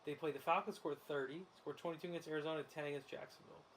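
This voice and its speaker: An excitable man who laughs often, hosting casual sports betting commentary while watching a game. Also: fairly high pitch, racing, creaky, a little hiss or hum. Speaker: host.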